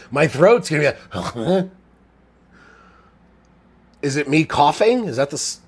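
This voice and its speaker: A man live-streaming play-by-play commentary while reading chat, a little drunk and with a strained throat, swinging from low mumbles to loud shouts. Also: big pitch swings, extremely slow, pauses often, husky. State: tipsy, drinking. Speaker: livestream sports commentator.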